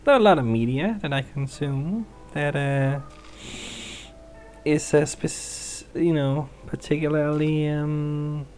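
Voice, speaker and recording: A woman's voice: deep voice, slow, a little mellow, soft background music, low-quality recording. A woman hosting a let's play, rambling through casual gameplay commentary and laughing often.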